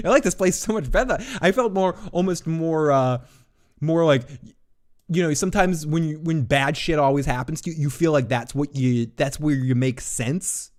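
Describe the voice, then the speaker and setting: A man giving a casual, rambling spoiler recap of a TV episode in his apartment, excitable and swearing, his pitch jumping when he gets worked up. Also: moderate pace. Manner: rambling, restarts often. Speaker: TV recap reviewer.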